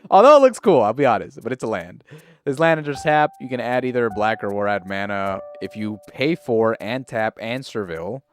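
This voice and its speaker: A man streaming casually, hyped and joking, swinging from loud cheers to low mutters. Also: moderate pace. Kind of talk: casual live-stream pack opening.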